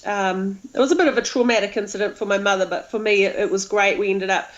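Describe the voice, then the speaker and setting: A woman's voice: medium pitch, fast. A woman from New Zealand with a New Zealand accent, a guest talking in a friendly, chatty way with many ums. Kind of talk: casual conversation. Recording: dull phone-in line.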